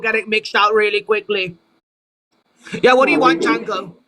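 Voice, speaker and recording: A man hosting a live stream, defensive and shouting at times, then apologizing over and over. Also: sits high, fairly even intonation, moderate pace. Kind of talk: heated live stream argument.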